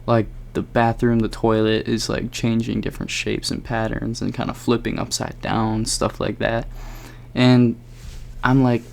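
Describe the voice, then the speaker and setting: A man's voice: medium pitch, flat delivery, moderate pace, vocal fry, a little mellow. A young man telling a personal story in a casual vlog, rambling with lots of fillers.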